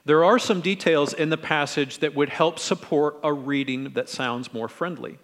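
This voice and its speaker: A middle-aged man preaching a conversational sermon in a relaxed, friendly way, acting out quoted lines in different tones. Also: fairly high pitch, normal speed, in a large hall. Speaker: pastor.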